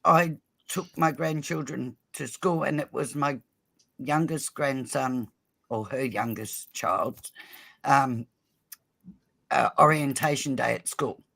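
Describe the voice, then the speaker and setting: A woman's voice: extremely low pitch, slow pace, creaky, fairly bright tone, slightly rough. A woman in her fifties, a grandmother, chatting in an apologetic, emotional way on a livestream call. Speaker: regular viewer on a call. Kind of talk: casual livestream chat.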